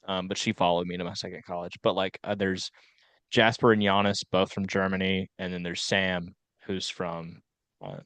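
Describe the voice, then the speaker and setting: A man's voice: low voice, moderate pace, clear, resonant tone, no echo. A young man from South Carolina co-hosting a casual chat podcast, rambling and laughing as he tells stories. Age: young adult. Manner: rambling, laughs often, animated storyteller. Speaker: podcast co-host.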